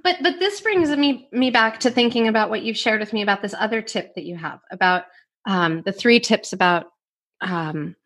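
A woman's voice: medium pitch, expressive, moderate pace, a bit bright. A woman hosting a casual podcast, asking reflective questions and giving brief affirmations. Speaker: podcast host.

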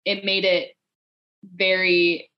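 Animated woman telling a player story. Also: fairly low pitch, takes it slowly, highs cut off. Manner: animated storyteller, acts out quotes, many fillers. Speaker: former player, guest. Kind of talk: casual podcast chat.

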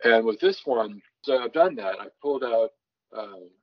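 A man's voice: mid-range voice, lively intonation, normal speed, dull audio. A man who writes songs from scripture, explaining his process in a thoughtful conversational way, often restarting his sentences. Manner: thoughtful, restarts often, reads scripture aloud with varied emphasis. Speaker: songwriter guest.

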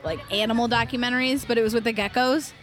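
A woman's voice: a little high, steady tone, quick pace, a bit bright, faint music behind. A young woman co-hosting a podcast in a chatty, rambling way with frequent laughs. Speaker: podcast co-host. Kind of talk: casual chat.

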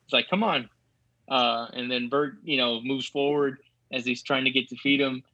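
Bright-voiced man recapping a show. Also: mid-range voice, normal speed, no echo, lo-fi sound. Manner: animated storyteller who acts out quotes and laughs often. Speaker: podcast co-host. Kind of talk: casual recap chat.

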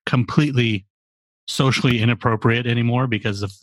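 A man's voice: medium pitch, steady tone, brisk, no echo. Forties guy rambling on a podcast, swears, lots of ums, dead dry room. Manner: rambling, profane, many fillers. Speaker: podcast co-host. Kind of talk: casual chat.

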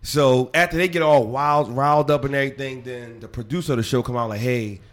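A man's voice: medium pitch, quick pace. A man hosting a podcast in casual chat, telling stories and acting out what people said, with a lot of swearing. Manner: animated storyteller acting out quotes, profane. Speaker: podcast host.

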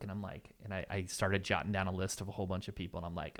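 A man with a somewhat low, nasal voice talks as a podcast guest. He is upbeat and candid, and he rattles off ideas in quick conversational bursts. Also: fairly even intonation, fairly bright tone. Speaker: podcast guest, agency owner. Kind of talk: casual interview answers.

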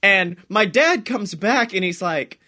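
A man's voice: sits high, animated, measured pace, pushed and bright. A man co-hosting a comedy podcast in casual chat, joking, swearing and laughing often. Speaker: podcast co-host.

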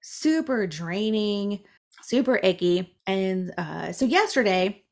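Telling a personal story on a podcast, this woman co-host speaks slowly in a mid-range voice with vocal fry. She's chatty and animated, dropping "like" constantly.

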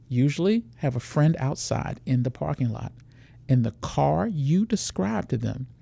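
Gravelly, dark-voiced man explaining. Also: mid-range voice. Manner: explanatory, walks through scenarios. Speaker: security expert guest. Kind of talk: podcast interview.

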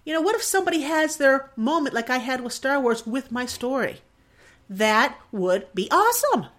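A woman's voice: high voice, fairly quick. A woman in her forties hosting a solo podcast, talking in a rambling, emotional and self-deprecating way with frequent laughs. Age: 40s. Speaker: podcast host. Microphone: desk mic in front of a screen.

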